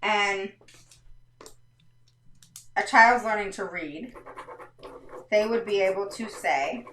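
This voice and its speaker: Speaking slowly at a medium pitch, this parenting live-stream host explains each step to her audience and regularly pauses to ask "all right?" Her voice is a touch bright, picked up by a slightly distant mic in a roomy space with faint noise behind it.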